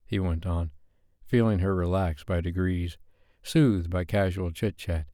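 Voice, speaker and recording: A man narrating a romance audiobook in a measured, even storytelling manner. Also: low-pitched, no room sound, clean studio sound.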